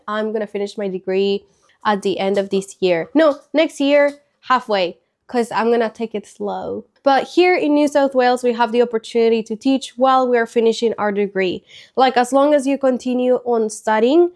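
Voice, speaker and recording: Hoarse, chatty woman with a high voice. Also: darkish tone. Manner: chatty, rambling, frequent "like" and restarts; mildly upset, confiding. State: sick, hoarse voice. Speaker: casual high school teacher and faith vlog host. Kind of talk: casual storytelling chat to camera.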